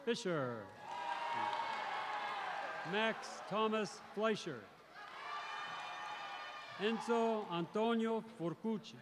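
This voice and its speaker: A male teacher reading out graduates' names one by one at a graduation ceremony in a large arena, in a measured announcing manner. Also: sits high. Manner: measured, announcing each name, with brief self-corrections. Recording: crowd noise in a large arena. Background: crowd cheering.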